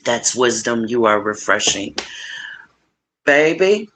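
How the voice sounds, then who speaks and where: A middle-aged woman hosting a casual livestream, warmly encouraging her viewers and talking to them directly. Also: slow. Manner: warm, encouraging, animated with big pitch swings; playful, addresses viewers directly. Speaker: livestream host.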